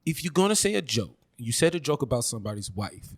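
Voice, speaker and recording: Emphatic man, lively pitch. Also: quick pace. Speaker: podcast co-host. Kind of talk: casual chat.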